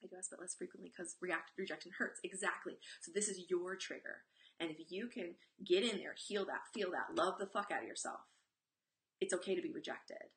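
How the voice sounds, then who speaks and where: Animated, gravelly, blunt woman coach. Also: fairly low pitch, brisk. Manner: candid and blunt, swears freely, tells personal stories; talks nonstop in an animated, emphatic way. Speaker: parenting coach. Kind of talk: live-stream talk to viewers.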